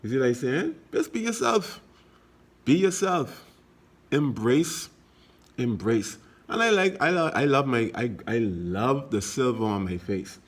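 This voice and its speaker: A man's voice: medium pitch, very animated, a little slow. A middle-aged Bahamian man giving a casual motivational monologue, emphatic and repetitive, telling stories as he goes. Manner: emphatic, repetitive exhortations, storytelling. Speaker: vlogger.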